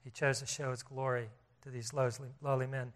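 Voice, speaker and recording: A man's voice: mid-range voice, little pitch movement, brisk. A man preaching a sermon as pastor, earnest, often restarting and repeating phrases and rising in volume to stress his points.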